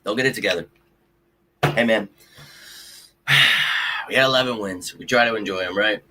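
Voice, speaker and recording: A man's voice: lowish voice, moderate pace, noisy background. A man hosting a sports livestream, talking casually to his viewers, frustrated and ranting with some cursing. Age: adult with a child. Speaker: sports show host.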